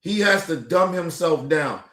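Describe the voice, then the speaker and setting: A man's voice: a little high, lively intonation, measured pace, bright, forceful tone. A man hosting a stream, reacting to a clip in a heated, profane rant full of repetition. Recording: echoey room.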